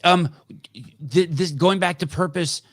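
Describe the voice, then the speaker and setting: A man's voice: high-pitched, fairly even intonation, unhurried, no room sound. A middle-aged man hosting a podcast, telling stories in a profane, rambling casual chat. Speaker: podcast host.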